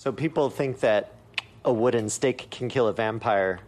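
Guy interviewer, mid-pitched voice, curious and playful, asks casual questions. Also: normal speed, darkish tone. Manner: curious, playful, follows the guest's riffs.

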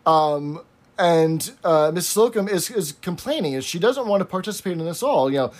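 Guy w a slightly high voice, dry wry asides, casual chat. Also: expressive, normal speed.

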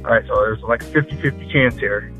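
A man calling in to a radio quiz, answering slowly and deliberately. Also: mid-range voice, over music, low-quality recording. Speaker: caller.

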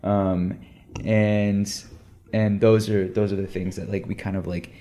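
A young man on a podcast, talking about brand work in a hesitant way with many pauses and restarts. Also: fairly low pitch, level tone, mellow. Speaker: brand lead on content team. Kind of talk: casual podcast chat.

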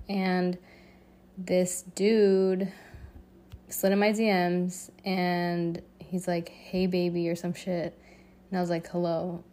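A woman hosting her own podcast, telling a story in a casual, profane and animated way with frequent laughter. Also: on the low side. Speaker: podcast host.

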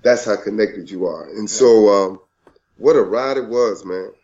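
A man's voice: on the low side, a little slow, a little mellow, lo-fi sound. A man earnestly speaking to listeners about faith in a casual talk. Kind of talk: casual chat.

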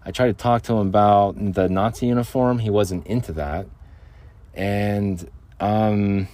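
Speaking at a measured pace, the older podcast host has a lowish, mellow voice with fairly even intonation. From his makeshift vocal booth he rambles casually, hopping between subjects and chuckling frequently.

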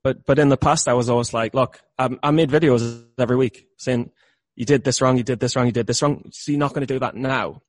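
A man's voice: medium pitch, fairly even intonation, fairly quick, no echo. A man talking candidly about his trading habits, rambling and repeating words, laughing at himself now and then. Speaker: trader.

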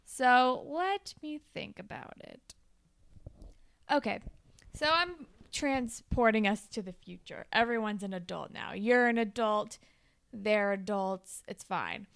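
A woman's voice: mid-range voice, expressive, slow pace, creaky, a bit bright, smooth, dry recording. A woman co-hosting a podcast, casually chatting and improvising a playful story with lots of filler words. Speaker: podcast co-host.

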